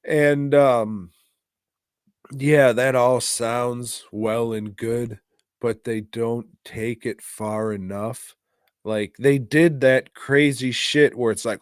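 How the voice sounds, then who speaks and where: Man, podcast co-host; slow, dry close-mic delivery, swears a lot, rambles, exasperated. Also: mid-range voice, steady tone, clear, resonant tone, no room sound. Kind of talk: casual movie review chat.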